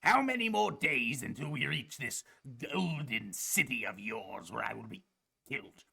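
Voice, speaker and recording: A man voicing a proud, aloof male dragonborn swarm lord who speaks in slow, formal sentences. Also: medium pitch, animated, sharp tone, voice pushed up, full character voice. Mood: indignant. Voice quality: slow, gravelly, formal speech. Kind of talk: tabletop role-play.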